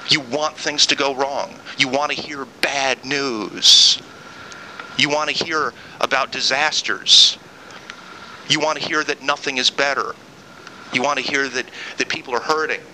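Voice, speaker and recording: A man's voice: on the high side, pushed and bright, a little hiss or hum, poor audio. A man hosting a podcast, delivering an angry solo political rant with sarcastic mock quotes. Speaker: podcast host.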